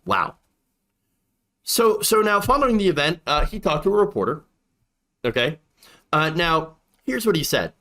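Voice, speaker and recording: Man, political commentary, indignant, sarcastic, repeats for emphasis, lively pitch. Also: moderate pace, pauses often.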